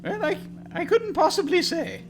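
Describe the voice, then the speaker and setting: A man's voice: very high-pitched, big pitch swings, normal speed, soft background music, voice pushed up. A man voicing a poised, reserved noblewoman duchess who speaks formally and courteously in a tabletop game. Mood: guarded.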